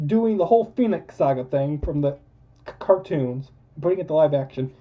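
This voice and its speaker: A man's voice: high-pitched, unhurried, long pauses. A man ranting in a film review vlog, emphatic and repetitive, losing his voice. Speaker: movie reviewer. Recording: dull lo-fi recording.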